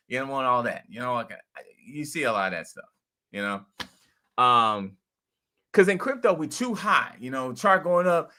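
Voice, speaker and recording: A man telling a casual story to his viewers, acting out quotes and humming tunes in an animated way, with features. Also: a little high, moderate pace. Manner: animated, acts out quotes and hums music. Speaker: crypto vlogger.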